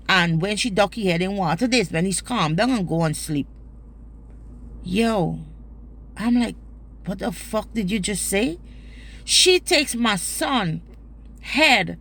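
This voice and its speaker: A woman with a Guyanese accent and a mid-range, fairly bright voice tells a personal story in a vlog. She's emphatic, swears freely, and uses Creole turns of phrase.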